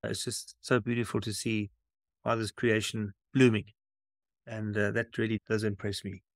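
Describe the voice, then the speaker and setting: Man guest, lowish voice, dry sound, from South Africa, calm reflective delivery. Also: normal speed, no room sound. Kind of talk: reflective interview answer.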